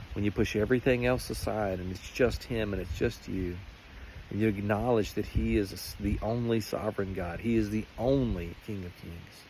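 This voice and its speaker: A man's voice: lowish voice, creaky, a little mellow, slight background noise. A man giving a rambling, earnest personal faith testimony in a vlog. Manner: earnest, rambling, many restarts. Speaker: faith vlogger.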